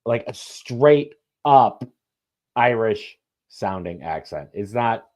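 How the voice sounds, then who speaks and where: A man's voice: medium pitch, animated, slow pace, a little mellow. A man co-hosting a casual live football watch-along, laid-back and swearing freely, with lots of "man" and "yeah". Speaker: co-host.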